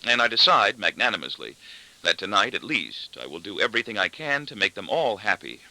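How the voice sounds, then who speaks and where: A man's voice: fairly low pitch, very animated, brisk, gravelly, sharp tone, poor audio. A man reading an audiobook in the first person, with a dry, wry delivery. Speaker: audiobook narrator. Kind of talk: scripted narration.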